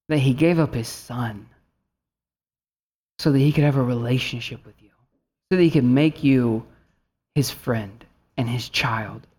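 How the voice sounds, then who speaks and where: A man's voice: medium pitch, a little mellow. A man in his thirties, a pastor preaching an earnest sermon and telling a family story, rising at times to fervent appeals.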